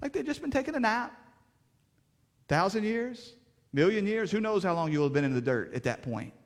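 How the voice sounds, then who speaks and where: A man preaching a sermon as pastor, in plainspoken, folksy words, swinging between fervent raised passages and hushed, quiet stretches. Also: high voice, big pitch swings, fairly quick. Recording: reverberant hall.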